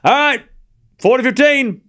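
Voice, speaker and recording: A man calling a tennis match live for his stream, calling out the score and chatting with his viewers in a casual, excitable way. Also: very high voice, measured pace. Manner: excitable, calls the score, chats with viewers, shouts at big points. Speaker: streamer doing live tennis watchalong commentary.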